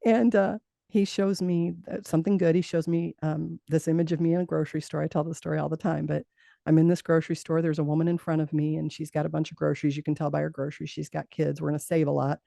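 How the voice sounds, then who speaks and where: A woman's voice: low-pitched, flat delivery, fast talker, vocal fry, dark tone, no echo, studio quality. A middle-aged woman, a guest in an interview, telling a personal story earnestly, laughing now and then and restarting her sentences.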